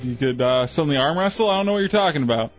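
A man's voice: fairly high pitch, expressive, racing. A male radio co-host who cuts in with wisecracks. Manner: wisecracking interjections. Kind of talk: radio talk. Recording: dull lo-fi radio sound with faint music.

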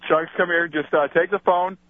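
A man's voice: fairly high pitch, fairly even intonation, normal speed. A man reporting to a radio show by phone from the scene, describing things matter-of-factly. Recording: tinny phone line.

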